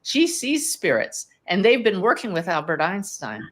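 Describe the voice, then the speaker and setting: A woman's voice: medium pitch, very animated, normal speed, a bit bright. A woman hosting a live question-and-answer podcast as a medium, explaining and telling stories in an enthusiastic, chatty way. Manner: enthusiastic, chatty, laughs often. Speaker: spiritual medium and podcast host. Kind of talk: live Q&A podcast, teaching and storytelling.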